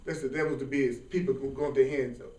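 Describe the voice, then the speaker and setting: A man giving an informal spiritual class, talking in a lively, colloquial way and often laughing. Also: medium pitch, fast. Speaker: spiritual teacher. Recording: roomy sound from a distant mic.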